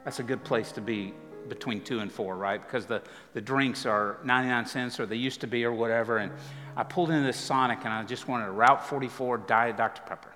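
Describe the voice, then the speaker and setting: Pastor preaching over music in a reverberant hall. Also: male voice, mid-range voice, a little fast. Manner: conversational, animated storytelling with dramatic drops to quiet. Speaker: guest pastor. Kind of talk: storytelling sermon. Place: church auditorium with live music behind.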